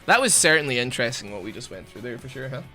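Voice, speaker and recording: A young man chats loosely over a game he is playing, his tone bright and edged. He wanders from one thought to the next, pokes fun at himself, and now and then bursts out loudly at what happens on screen. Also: medium pitch, animated, very fast, soft background music. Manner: rambling and self-mocking, with sudden loud outbursts at the game. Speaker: gaming YouTuber. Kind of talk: casual gameplay commentary.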